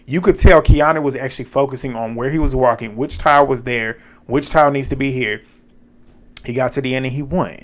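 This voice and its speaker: Guy hosting a reality show recap, slangy, cussing, keeps cracking up. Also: medium pitch. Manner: animated, laughs often, slangy and profane. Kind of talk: casual recap commentary.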